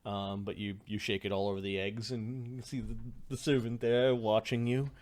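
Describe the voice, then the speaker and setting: A man's voice: on the low side, little pitch movement, moderate pace, a little mellow. A man narrating a tabletop game as game master, rambling with many fillers.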